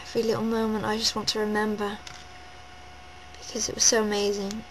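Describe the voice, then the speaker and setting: A woman vlogging at home, gushing and rambling in a breathless, excited rush. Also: medium pitch, fairly quick, slight background noise, low-quality recording. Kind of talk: excited personal vlog. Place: at home indoors.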